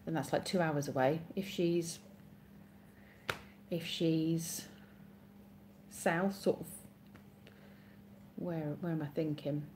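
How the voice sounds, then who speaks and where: A woman from Oxfordshire, England, speaking with an English accent, chats casually on a live stream, reading viewer comments aloud and rambling and correcting herself as she answers them. Her low voice is steady and a little mellow, slow with frequent pauses, over a slight hiss or hum.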